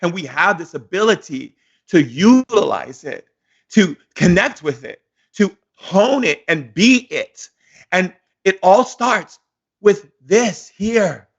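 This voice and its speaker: A man's voice: high-pitched, animated, slow, dull audio. A man giving a motivational spiritual talk as a shamanic teacher, emphatic and repetitive like a preacher, openly emotional. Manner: emotional, effusive.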